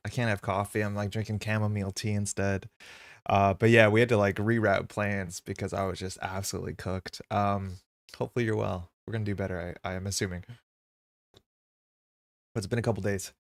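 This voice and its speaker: Male streamer host, fairly low voice, dry close sound, loose rambling chat with chat-reader bursts of energy. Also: no echo. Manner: chatty and rambling, with many fillers and quick jumps in pitch when greeting chat. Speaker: streamer hosting a card game live stream. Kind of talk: casual live-stream chat, greeting viewers.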